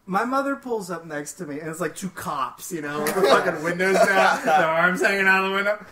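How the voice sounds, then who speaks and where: A man from the Pittsburgh area, casually telling a long story on a podcast, animated and swearing freely. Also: high-pitched, fairly quick, far from the mic. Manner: animated, swears freely, acts out quotes in raised voices.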